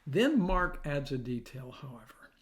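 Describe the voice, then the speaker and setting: A middle-aged man preaching a sermon, telling a story with acted-out quotes and sudden drops to a soft, near-whispered voice. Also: mid-range voice, very animated, a little slow. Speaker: pastor.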